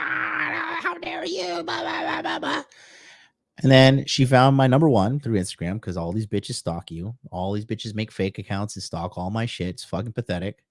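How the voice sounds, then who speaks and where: A man hosts a live reaction stream with a middle-pitched voice. He rants in a crude, aggressive way between reading comments and greeting viewers, and his voice is recorded dry and close. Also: a little mellow, no echo. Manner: profane, ranting, aggressive. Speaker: streamer host.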